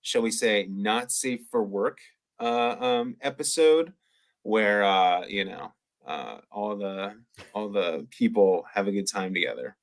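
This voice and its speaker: A man's voice: lowish voice, big pitch swings, slow pace, vocal fry. A man co-hosting a podcast, chatting casually and enthusiastically with lots of fillers. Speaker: podcast co-host. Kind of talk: casual chat.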